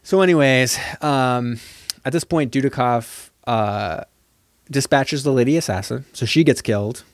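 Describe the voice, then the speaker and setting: A man's voice: medium pitch, unhurried, no echo, clean studio sound. Laid-back man recapping a movie. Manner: laid-back, rambling, heavy on fillers. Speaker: podcast co-host. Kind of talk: casual chat recapping a film.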